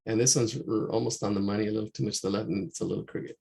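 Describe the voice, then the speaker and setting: A man teaching an online drawing class talks casually as he paints on a shared screen, rambling and going over the same points again. His low-leaning voice is warm and steady, with vocal fry, and he speaks very fast. It's recorded on a computer mic during the screen share.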